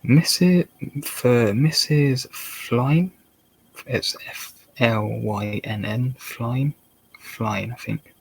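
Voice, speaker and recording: A man with a Dorset accent doing a slow ASMR book reading, halting and rereading words as he goes. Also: mid-range voice, creaky, breathy edge, rough recording. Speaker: channel host reading a book aloud.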